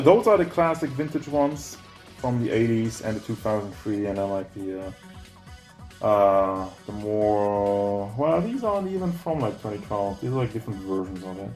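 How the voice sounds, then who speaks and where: A man touring his toy collection at home, rambling and self-mocking, out of breath as he moves around with a handheld camera. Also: lowish voice. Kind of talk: casual collection tour. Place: home with figure shelves, indoors. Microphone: handheld camera moving around.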